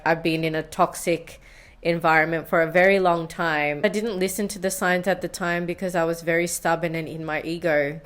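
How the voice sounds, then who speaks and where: A woman in her thirties tells a personal story to camera in a candid, confessional way. Her voice sits a little low, and she often laughs at her younger self. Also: a bit bright, clean tone. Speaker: science vlogger. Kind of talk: storytime vlog.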